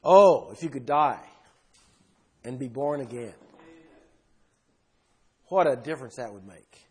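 A man preaching a sermon with emphasis, swinging between loud bursts and quiet asides. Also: medium pitch, lively intonation, slow, husky.

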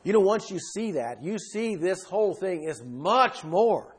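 A man preaching a sermon with emphasis, swinging between loud bursts and quiet asides. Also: sits high, sing-song, measured pace, few pauses, husky.

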